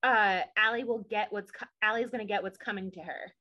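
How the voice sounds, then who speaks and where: A woman's voice: mid-range voice, steady tone, a little fast, sharp tone, lo-fi sound. A woman co-hosting a podcast, chatting casually and opinionatedly as she recaps a show, with many asides. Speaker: podcast co-host.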